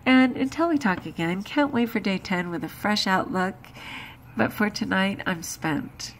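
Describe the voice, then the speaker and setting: A worn-out woman telling her day to the camera in a casual vlog. She talks in a chatty, emphatic way, at a middle pitch for a woman. A faint noise sits behind her voice. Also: measured pace. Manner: chatty, emphatic, with frequent laughs and exclamations. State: exhausted. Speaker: vlogger.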